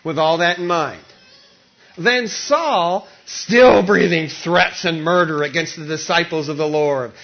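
A man's voice: on the high side, measured pace. A male pastor preaching a sermon, telling a story animatedly with lots of repetition, on a dull, lo-fi recording.

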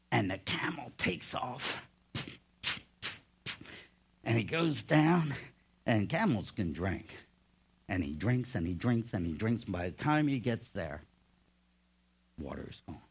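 A male pastor preaching a sermon, telling stories with folksy humor in an animated way. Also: fairly low pitch, unhurried, long pauses, breathy edge.

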